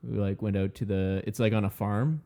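Chill podcast dude, lowish mellow voice, telling trip stories. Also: male voice, steady tone, a little fast, gravelly. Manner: easygoing, recounting a trip. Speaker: podcast co-host. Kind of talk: casual chat.

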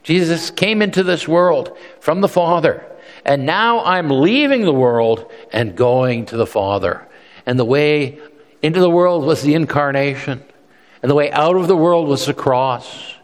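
A man's voice: on the high side, expressive, a little slow. A male pastor preaching a sermon in an earnest, emphatic way, often repeating words as he restarts. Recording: long reverb from a large hall.

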